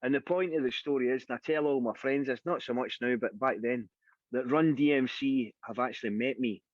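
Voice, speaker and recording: A Scottish singer being interviewed, telling anecdotes in a casual, animated way and acting out the voices of the people in them. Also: male voice, mid-range voice, fairly quick, no room sound. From Scotland. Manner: lively anecdotal storyteller, acts out quoted voices. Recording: dry, dull lo-fi sound.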